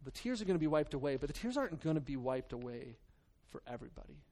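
A man's voice: mid-range voice, very animated, fast talker, darkish tone. A man preaching a sermon to his church, reading scripture, then talking in a loose, earnest way with many restarts and fillers. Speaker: pastor.

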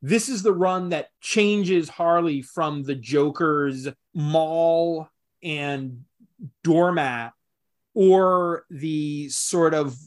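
A man co-hosting a casual comics podcast, explaining at length in a thoughtful, measured way. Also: a little high. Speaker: podcast co-host discussing comics. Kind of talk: casual chat.

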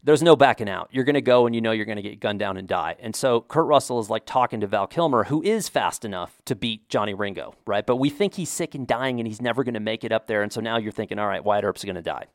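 A man's voice: medium pitch, quick pace, hardly any pauses, no room sound, studio quality. A man talking in a casual, rambling opinion monologue, often restarting his sentences and adding emphatic asides.

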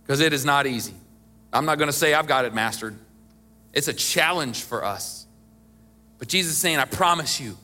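A man's voice: medium pitch, sharp tone. A middle-aged man preaching a sermon as pastor, talking conversationally with emphatic bursts and small chuckles.

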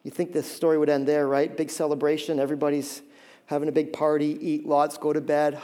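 A male pastor preaching a sermon, talking conversationally and emphatically and sometimes dropping to a hushed appeal. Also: fairly high pitch, little pitch movement, a little fast.

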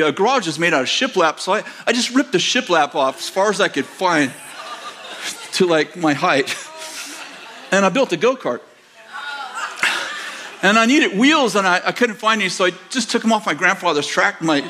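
A man's voice: high voice, bright, forceful tone, a little hiss or hum. An older man in his sixties, a pastor telling rambling, self-correcting childhood stories in a sermon, acting out the quotes. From United States. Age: 60s. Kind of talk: storytelling sermon. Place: church auditorium.

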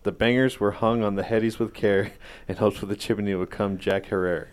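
A man on a podcast reading a holiday parody poem aloud, hesitant at times and quick to put himself down. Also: on the low side, fairly even intonation. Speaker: podcast co-host.

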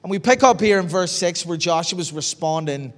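Northern Irish pastor, chatty sermon. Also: male voice, sits high, normal speed. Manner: conversational, lively storytelling preaching. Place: church hall. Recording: long hall reverb.

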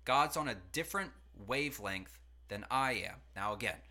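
A man with a bright, clear voice leads a casual teaching conversation from a studio. He unpacks ideas in a chatty, animated way, slipping into quick acted-out quotes. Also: medium pitch. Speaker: pastor and podcast host.

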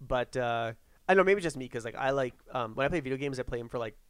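A man on a podcast talking quickly at a mid pitch, stopping and restarting often with uhs and ums. The sound is dry and close. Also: lively intonation, smooth, no room sound. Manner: halting, lots of uh and um. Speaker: podcast co-host. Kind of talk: casual podcast chat.

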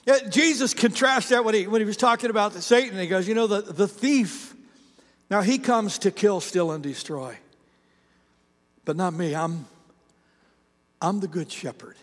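A man with a noticeably high voice delivers a sermon in an easy, conversational, storytelling manner. He circles back and restarts his phrases often, and the long reverb of a large hall trails after every line. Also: moderate pace, pauses often. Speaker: pastor.

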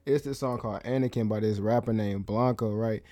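A man's voice: fairly low pitch, fairly even intonation, a little fast, warm tone. An American man chatting as a guest, telling stories about music in a laid-back, slangy way. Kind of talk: casual chat.

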